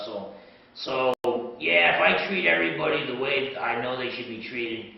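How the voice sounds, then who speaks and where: A middle-aged man teaching a class, telling stories with acted-out dialogue in an animated way. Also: medium pitch, normal speed, creaky. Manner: animated storytelling, acts out dialogue. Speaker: apologetics lecturer. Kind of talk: classroom lecture with anecdotes. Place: lecture hall. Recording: echoey hall, far from mic, dull lo-fi.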